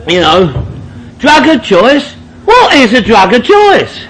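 High-voiced London man joking to a crowd. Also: wildly swooping pitch, slow pace, fairly bright tone, slight background noise, rough recording. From northwest London. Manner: joking, repetitive rhetorical questions. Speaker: recovery meeting speaker. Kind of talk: speaking to an audience at a recovery meeting.

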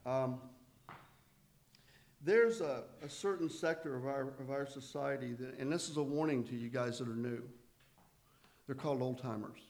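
At a recovery meeting, a man with a middle-pitched, somewhat dark voice shares his story in a loose, conversational manner. He speaks at a moderate pace with long pauses and often makes self-deprecating jokes.

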